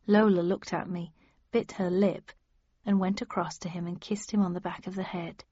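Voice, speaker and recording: A woman's voice: fairly low pitch, fairly even intonation, normal speed, mellow, breathy edge, dry recording. Woman narrating a novel, dry and dull. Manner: varies voices for each character. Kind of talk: audiobook narration.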